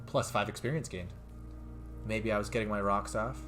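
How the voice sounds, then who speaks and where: A man streaming a game, reading its dialogue and text aloud and commenting between lines, jumping up in pitch when something excites him. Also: moderate pace. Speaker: let's play streamer. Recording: faint game music behind.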